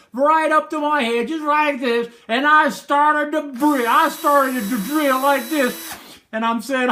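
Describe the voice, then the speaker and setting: A man's voice: extremely high pitch, sharp tone, exaggerated voice. A man playing a rowdy, profane rural man, rambling through a wild comic story. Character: rowdy rural middle-aged man telling a wild tale. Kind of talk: comic character monologue.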